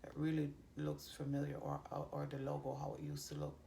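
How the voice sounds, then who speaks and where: A psychic medium gives a channeled card reading to viewers, relaying messages she hears in a halting way full of ums and restarted phrases. Her low voice has a gravelly fry, a sing-song lilt, and a dark tone. A faint hiss of background noise runs throughout.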